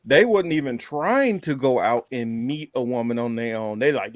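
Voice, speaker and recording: A man's voice: medium pitch, lively intonation, moderate pace, no room sound. Chill guy host, mid voice, dry close mic, acts out what people said. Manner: laid-back storytelling, acting out quoted exchanges. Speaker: podcast host. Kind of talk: casual chat.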